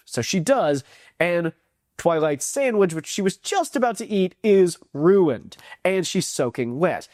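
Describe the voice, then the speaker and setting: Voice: medium pitch, big pitch swings, measured pace, darkish tone, no echo, studio quality. A reviewer in a casual video review who talks enthusiastically, rambles and acts out quotes.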